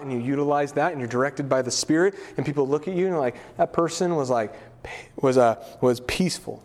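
A middle-aged male pastor preaching a casual, conversational sermon, full of asides, fillers and family stories. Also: fairly high pitch.

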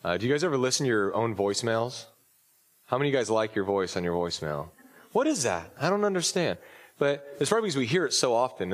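A man preaching a casual, joking sermon as a pastor at a church service, his voice slightly off while recovering, with many fillers and restarts. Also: fairly low pitch. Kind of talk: conversational sermon.

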